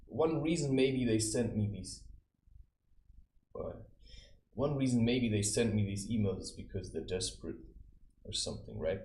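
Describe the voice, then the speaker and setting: Low-voiced man rambling in an echoey room. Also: warm tone. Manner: rambling, anecdotal, with acted quotes. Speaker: self-styled spiritual adviser. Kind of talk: casual monologue. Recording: roomy echo.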